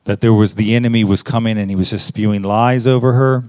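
A man preaching in a conversational way, telling a story with halting restarts and rising emphasis. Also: on the low side, fairly even intonation, a little mellow, no room sound, studio quality. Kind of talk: conversational sermon.

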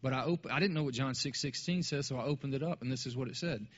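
A man's voice: medium pitch, fast talker, dull audio. A man talking casually about faith in a conversational way, often restarting his sentences.

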